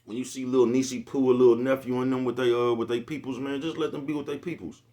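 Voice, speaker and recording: A young male vlogger rambles through a casual monologue in a mid-range, level voice with a dark tone, talking fast. He laughs a lot, swears heavily and leans on crude slang, repeatedly asking "you know what I'm talking about."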